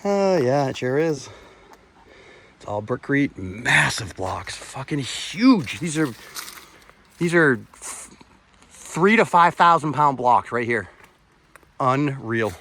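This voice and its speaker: A vlogger exploring old bridges narrates a walking vlog outdoors, filmed on his phone camera, exclaiming in awe, talking to viewers, now and then swearing and out of breath. His mid-range voice is sing-song and a bit bright, slow with long pauses, and there's slight background noise.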